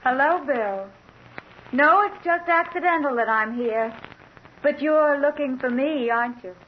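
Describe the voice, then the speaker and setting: An actress playing a mysterious young woman in a 1940s radio drama, answering in a soft, calm, evasive way. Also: high-pitched, measured pace. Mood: elusive. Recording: old radio broadcast, dull with faint hiss.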